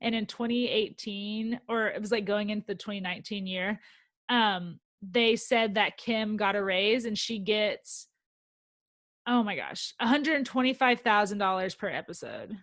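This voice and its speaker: A woman co-hosting a podcast, chatting casually and quickly about reality TV with lots of fillers. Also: mid-range voice, animated, fairly bright tone, no room sound. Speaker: podcast co-host.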